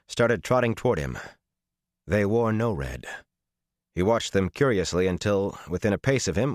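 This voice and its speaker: A male audiobook narrator reading a fantasy novel with measured, dramatic storytelling. His voice is very deep, and the recording is dry and close with no room sound. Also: no echo.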